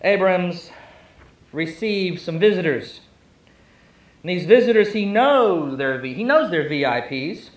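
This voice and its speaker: A man's voice: sits high, lively intonation, unhurried, echoey room. A male pastor preaching a sermon, telling the story with emphasis and joking asides to the congregation.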